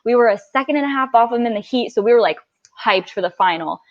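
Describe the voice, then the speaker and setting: Lively young woman coxswain telling stories. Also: fairly high pitch, fast talker. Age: 20s. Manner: animated storytelling, acting out quotes. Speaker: coxswain guest. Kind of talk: casual podcast chat. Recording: dull lo-fi audio.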